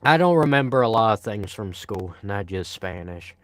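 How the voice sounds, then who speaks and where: A man's voice: on the low side, expressive, normal speed, no echo. A young man from Pennsylvania with a Pennsylvania accent, rambling casually on a live stream and reading the chat aloud. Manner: rambling, self-deprecating, reads chat aloud.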